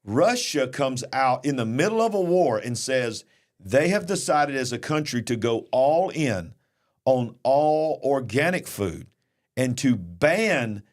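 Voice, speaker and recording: A man, a preacher hosting a news commentary show, reading headlines and commenting emphatically. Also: medium pitch. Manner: animated, reads news then comments emphatically. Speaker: host and preacher.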